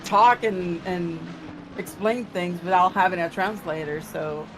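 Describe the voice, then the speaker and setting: A middle-aged woman with a Spanish accent, a native Spanish speaker, chatting as co-commentator in an animated, exclamatory way. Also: fairly low pitch, unhurried, slight background noise, low-quality recording. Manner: animated, laughing, exclaims often. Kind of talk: casual chat on a race stream.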